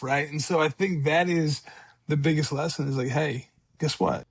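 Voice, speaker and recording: A man's voice: on the high side, a little fast, husky, no echo. A man in his forties, a podcast guest, telling his story in an earnest, conversational way, repeating words and quoting himself aloud. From California.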